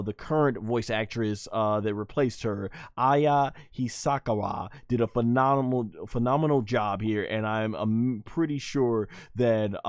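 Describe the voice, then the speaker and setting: A man's voice: mid-range voice, smooth, no echo, clean studio sound. A young man chatting casually on a live-stream review, with lots of fillers and giggles. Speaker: anime reviewer.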